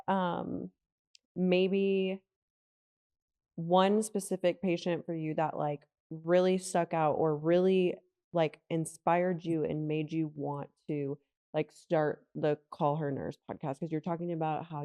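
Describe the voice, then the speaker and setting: Low, mellow-voiced woman host. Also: steady tone, slow. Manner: rambling questions with many "like"s. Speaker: podcast host. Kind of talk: casual interview questions.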